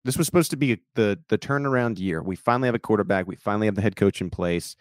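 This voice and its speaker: A man's voice: fairly low pitch, quick pace, no echo, clean studio sound. A man co-hosting a sports podcast, giving blunt, matter-of-fact analysis in casual talk. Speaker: podcast co-host.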